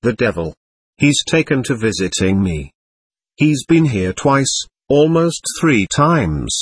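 A man's voice: mid-range voice, big pitch swings, takes it slowly, slightly rough, dry recording, studio quality, heavily acted. A man reading as a feverish, delirious young man. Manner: rambling, agitated, brooding.

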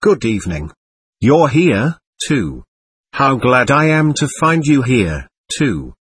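Storybook role: a man reading a desperate young man who stammers wildly, husky voice. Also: medium pitch, very animated, slow, a bit bright, dry recording, studio quality, heavily acted. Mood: agitated. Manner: stammering, exclamatory.

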